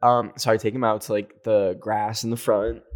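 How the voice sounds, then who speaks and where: Chatty young man telling stories. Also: on the low side. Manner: animated, heavy use of "like", laughs often. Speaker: podcast host. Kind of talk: casual storytelling monologue.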